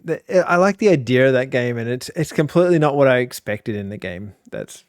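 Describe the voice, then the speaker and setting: A man's voice: mid-range voice, expressive, a little fast, no echo, studio quality. A man co-hosting a casual podcast who rambles with lots of restarts and likes to joke. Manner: rambling with many restarts, joking. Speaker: podcast co-host. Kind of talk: casual chat.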